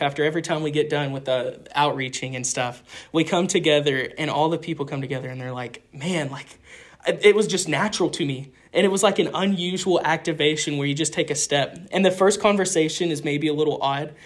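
A young man, a street evangelist, telling stories of his ministry in an earnest, animated way with frequent restarts. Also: on the high side, a little fast, few pauses. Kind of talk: casual interview storytelling.

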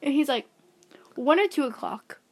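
A young woman casually retelling a dating story, giggling and quoting text messages in a flat voice. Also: high-pitched, normal speed. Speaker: co-host. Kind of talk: casual gossip chat.

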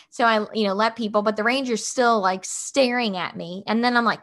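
A woman in her thirties tells a family story in a relaxed, animated chat. Her voice sits a little high, and she keeps dropping "like" in as she talks. She sounds like a mother sharing the story casually. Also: normal speed, few pauses. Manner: animated, fills speech with "like".

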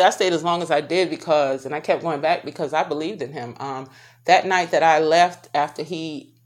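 Low-voiced woman, halting and emotional. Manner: halting and emotional, with many restarts. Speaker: vlogger telling her own story. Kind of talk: personal testimony to camera.

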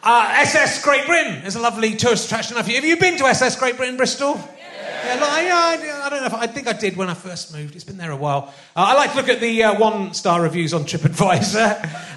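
Give me a man hosting a live comedy podcast, with a high, forceful voice and a jokey, self-mocking manner. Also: fast. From not from the West Country. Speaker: podcast host. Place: live venue stage with an audience. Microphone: handheld stage mic.

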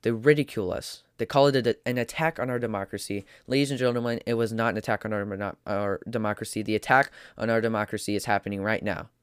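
A man's voice: fairly low pitch, fairly even intonation, fast, hardly any pauses, clear, resonant tone, dry recording, clean studio sound. A man delivering an opinion monologue as a podcast host, emphatic and preachy, hammering points through repetition.

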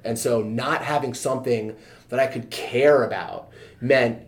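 A man's voice: mid-range voice, moderate pace. A man in his thirties, a fitness trainer and podcast guest, telling his own story in a candid, casual way, full of fillers and easy swearing.

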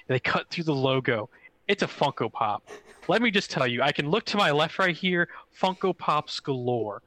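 A young man co-hosting a casual gaming podcast, telling stories excitedly with lots of fillers. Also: on the high side, dry recording, rough recording. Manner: excitable, fast storytelling with swearing and many fillers. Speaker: podcast co-host.

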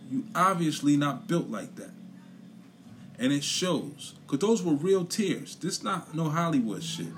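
A man's voice: a little high, very animated, a little slow, a bit bright, faint music behind. A young man gives a blunt, profane opinion rant in casual chat, repeating his points for emphasis. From Brooklyn, New York. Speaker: commentator.

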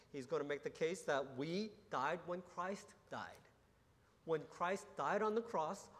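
A man preaching a sermon as pastor, teaching earnestly with restarts and rhetorical questions. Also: a little high. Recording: long hall reverb.

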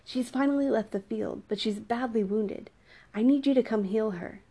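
A woman's voice: a little high, moderate pace, mellow. Woman reading as a frantic, pleading father. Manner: urgent, pleading. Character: frantic worried father, a man in service.

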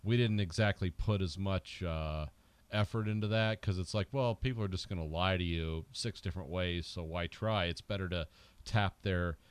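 A man's voice: low voice, moderate pace, smooth, dry recording. A man co-hosting a podcast, chatting casually about a film in a rambling, joking way with lots of fillers. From United States. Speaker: podcast co-host.

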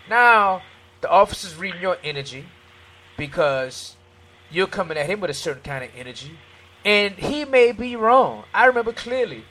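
A man's voice: high-pitched, lively intonation, fairly quick, bright, forceful tone. A man in an earnest faith-based discussion who quotes scripture and acts out his own encounters as dialogue.

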